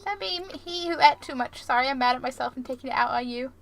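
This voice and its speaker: A woman's voice: high voice, quick pace, creaky. A woman voicing a boastful, gym-obsessed male jock villager in a life-sim game, bragging in a self-serious way.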